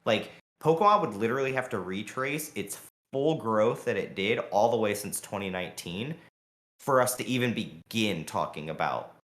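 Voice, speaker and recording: A man co-hosting a podcast, talking fast and heatedly in a long rambling rant full of fillers. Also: fairly low pitch, lively intonation, fairly bright tone, echoey room. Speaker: podcast co-host. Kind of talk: casual podcast chat.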